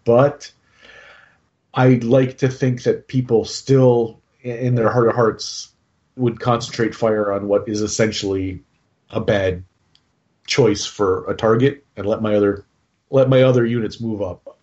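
Rambling mellow-voiced man, muffled sound. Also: on the low side, steady tone, unhurried. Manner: rambling, lots of restarts and fillers. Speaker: podcast co-host talking through his game army. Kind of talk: casual chat.

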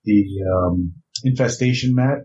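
Podcast dude, stop-start and wry, kinda muffled lo-fi mic. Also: male voice, medium pitch, warm tone. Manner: halting, full of fillers, wry jokes. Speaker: podcast co-host. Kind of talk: casual hobby chat. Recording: slightly dull lo-fi mic.

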